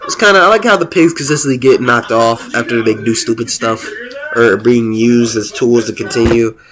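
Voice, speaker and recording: A young man giving casual tier-list commentary as host, excited and rambling, with many restarts and slang. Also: medium pitch, moderate pace, a crowd in the background. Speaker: video host ranking cartoon episodes.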